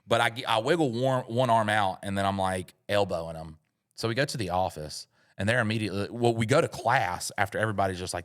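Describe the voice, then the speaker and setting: Profane storytelling man, low voice. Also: fast talker. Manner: profane, rambling, animated. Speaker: podcast co-host. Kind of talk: comedic storytelling.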